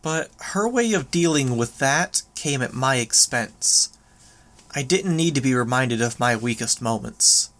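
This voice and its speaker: A man narrating a first-person audiobook in a steady, measured reading voice. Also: medium pitch.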